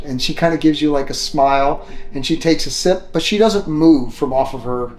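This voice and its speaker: A man's voice: on the high side, moderate pace, few pauses, a little mellow, low-quality recording. A man narrating a tabletop game as game master, in a loose, casual way with frequent fillers.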